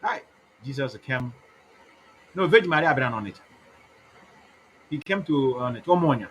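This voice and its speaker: A man's voice: medium pitch, lively intonation, fairly quick, fairly bright tone, slight background noise, low-quality recording. A man with an Igbo Nigerian accent giving a rambling campaign talk, mixing English with Igbo in a preachy, mocking way. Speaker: activist campaigner.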